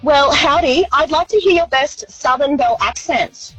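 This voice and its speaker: A woman's voice: sits high, animated, fairly bright tone, muffled recording, soft background music. A woman with an Australian accent reporting live on location for radio, playful and bubbly. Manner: playful, bubbly, quick to laugh.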